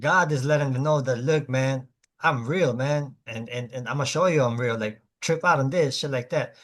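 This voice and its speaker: A relaxed man hosts a casual conversation. He chimes in with quick "yeah"s and loose, rambling thoughts at a middle pitch. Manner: laid-back, brief affirmations and rambling asides. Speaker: host.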